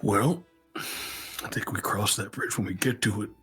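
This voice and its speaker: A very deep, husky male voice that lays down firm warnings, speaking as a player in a tabletop game. Faint music plays underneath him. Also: a little slow, fairly bright tone. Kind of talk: in-character talk in a tabletop game.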